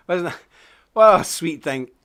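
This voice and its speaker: A man hosts an unscripted live-stream monologue with an outspoken, folksy manner. His pitch swings widely, and his voice sits a little above the usual male range. He leans hard on key words and drifts into homely asides. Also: animated, takes it slowly, fairly bright tone. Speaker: host of a live stream report.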